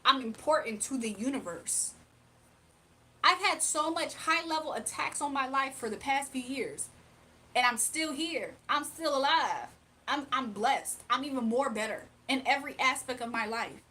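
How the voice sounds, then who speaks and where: A woman's voice: high-pitched, expressive, moderate pace, sharp tone. A woman, giving a casual, emphatic spiritual reading on a livestream. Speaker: spiritual reader.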